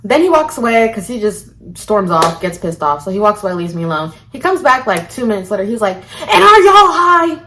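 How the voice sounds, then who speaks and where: A woman's voice: medium pitch, fast, hardly any pauses, background noise. A woman vlogger telling a story casually, swearing freely and acting out each quote. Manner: animated, profane, acts out every quote. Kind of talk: storytime vlog.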